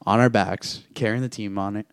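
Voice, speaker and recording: A man's voice: on the low side, fairly even intonation, brisk, smooth, no echo, studio quality. A young man hosting a casual chat, laid-back and slangy, often calling others "bro" and "man". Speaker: podcast host.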